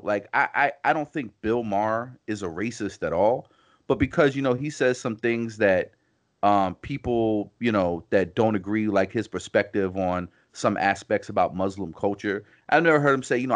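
Male podcast co-host, lowish voice, rambling casual delivery with lots of filler. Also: normal speed. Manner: rambling, full of "you know" and restarts. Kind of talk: casual conversational podcast chat.

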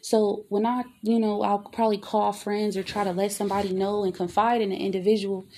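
A woman with a middle-pitched voice talks straight to her listeners in a loose, heartfelt monologue. She swears freely and circles back on her own words, checking in again and again with "you feel me?" Her delivery is emphatic and confiding. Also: little pitch movement, fairly quick, a little mellow, slight background noise. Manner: emphatic, profane, keeps asking "you feel me?"; rambling, restarts and repeats herself. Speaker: vlogger. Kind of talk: casual confessional monologue.

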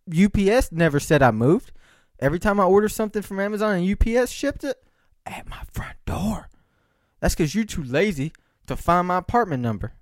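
A man's voice: on the high side, no room sound, clean studio sound. A man talking to camera in a rambling, profane monologue, checking in with frequent "right?" asides. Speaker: vlogger.

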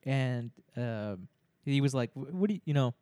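A man's voice: mid-range voice, lively intonation, normal speed, mellow, no echo, studio quality. A young man telling a story in casual chat among friends, laughing often and acting out the people he quotes.

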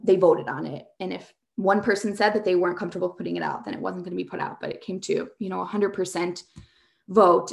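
A woman's voice: fairly low pitch, creaky. A young adult woman teacher in an interview, speaking earnestly with many fillers. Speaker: high school teacher, guest. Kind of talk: emotional interview talk.

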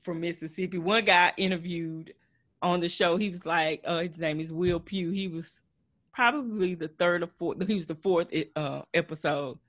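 A woman's voice: fairly low pitch, normal speed. A woman from Texas with a light Southern twang, hosting a podcast in casual chat and laughing often. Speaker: podcast host.

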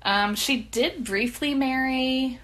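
A woman's voice: high-pitched, takes it slowly, fairly bright tone. Chatty woman co-host. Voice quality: slight lisp. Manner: chatty, profane, laughs often. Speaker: podcast co-host. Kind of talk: casual storytelling chat.

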